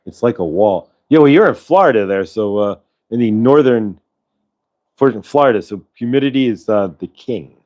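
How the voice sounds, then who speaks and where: A man with a fairly low voice hosts a casual live stream from his home. He rambles easily, restarting sentences and filling pauses with "uh" as he chats with viewers. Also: dark tone, dull audio. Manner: rambling, many fillers and restarts, chatting with viewers. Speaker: host of a live spiritual channeling show. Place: at home in Colorado.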